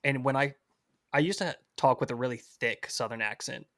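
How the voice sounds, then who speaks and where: A man's voice: medium pitch, moderate pace, a bit bright, no echo, clean studio sound. A man from Boone, North Carolina, hosting a casual podcast interview in a friendly, affirming way. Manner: friendly, affirming, laughs along. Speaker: podcast host.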